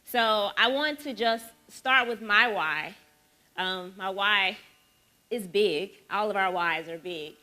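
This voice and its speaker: A woman in her forties from Memphis with a Southern accent, giving a lively conversational keynote talk at an education symposium. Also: medium pitch, takes it slowly. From Memphis, Tennessee. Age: 40s. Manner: lively, conversational, rhetorical questions. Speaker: symposium speaker.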